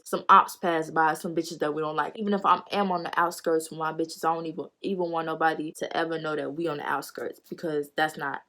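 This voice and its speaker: A woman's voice: mid-range voice, a bit bright. A young woman tells a storytime on her channel in blunt, slang-heavy talk with plenty of swearing. She acts out each side of the dialogue as she goes. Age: young adult. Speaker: vlogger. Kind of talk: casual storytime.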